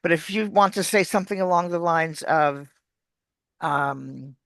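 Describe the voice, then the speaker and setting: An accent coach giving explanatory interview answers like an animated teacher, demonstrating words. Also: mid-range voice, moderate pace, no echo.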